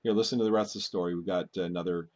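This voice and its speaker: A video host delivers casual commentary in a deep, darkish voice, racing along in a steady tone. He urgently warns his viewers, often breaking off and restarting words.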